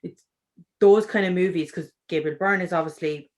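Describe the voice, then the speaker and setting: An Irish woman speaks as a guest on a video-call interview. She is chatty and animated, often restarting her sentences mid-thought. The sound is that of a home video call. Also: fairly low pitch, normal speed. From Ireland. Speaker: author guest.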